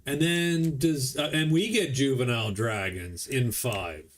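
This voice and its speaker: This man plays a board game solo on stream, explaining how it works as he goes in a casual way. He speaks unhurriedly at a medium pitch.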